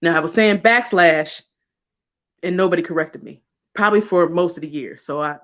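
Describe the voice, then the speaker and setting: A woman's voice: lowish voice, normal speed, a bit bright. A woman hosting a casual livestream, chatty and gushing, talking straight to her viewers with frequent laughs. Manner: talks to chat viewers directly. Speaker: livestream host.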